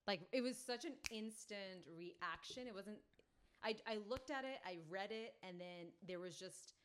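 A woman guest on a podcast, telling a personal story in an animated, casual way. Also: medium pitch, normal speed. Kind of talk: casual conversation.

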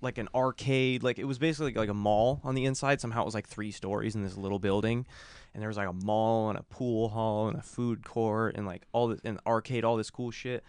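A man's voice: on the low side, little pitch movement, brisk, a little mellow, clean tone, no room sound. A young man in casual podcast chat, rambling through a long story with lots of cursing and filler words. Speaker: podcast co-host.

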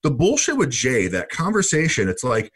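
A man's voice: normal speed, breathy edge, no echo. A man co-hosting a casual podcast recapping a reality show, talking animatedly and swearing often. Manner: animated, swears a lot, jumps up high when mimicking people. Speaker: podcast co-host.

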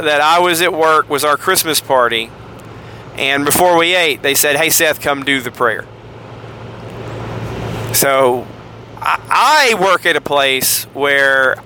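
A man's voice: fairly high pitch, pushed and bright, slight background noise. A man with a Southern US accent hosting a podcast, casually retelling Bible passages and acting out the quoted lines in voices. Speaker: podcast host.

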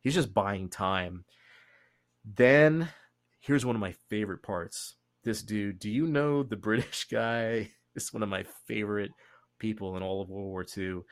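A man with a Texan accent, hosting a podcast and telling history in a casual, profane way, laughing often and doing quick voices. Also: on the low side, no room sound, studio quality. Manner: profane, laughing, animated storytelling. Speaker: podcast host.

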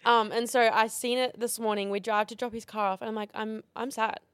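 A woman's voice: on the high side, fairly quick, clear, resonant tone, no room sound. A young woman in her twenties co-hosting a casual podcast, telling a story with lots of fillers. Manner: animated storytelling with many fillers. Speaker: podcast co-host. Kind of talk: casual chat.

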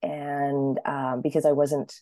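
A woman's voice: flat delivery, takes it slowly, mellow, no echo, clean studio sound. A woman in her thirties telling her story as an interview guest, chatty, often acting out what others said. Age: 30s. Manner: chatty, acts out quotes with sudden high-pitched voices. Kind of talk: casual storytelling.

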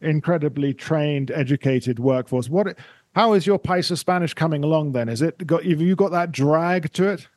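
A man's voice: fairly high pitch, normal speed, dry recording, clean studio sound. A man from England, hosting a podcast interview and encouraging his guest with lots of restarts. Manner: warmly encouraging, full of restarts. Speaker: podcast host. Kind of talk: casual interview.

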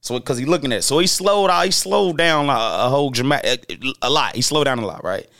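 A man telling stories from his past in a casual, slang-heavy way, animated and jumping into the voices of the people in them. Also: medium pitch, a little fast, dry recording, clean studio sound. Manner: animated, acts out quoted voices, loose slang-heavy talk with restarts. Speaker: storyteller host. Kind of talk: casual street storytelling.

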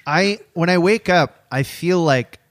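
A man co-hosting a podcast who talks in an animated, chatty, open way about himself. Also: sits high, a little slow, no room sound. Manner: animated, chatty and self-revealing. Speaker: podcast co-host. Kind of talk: casual podcast chat.

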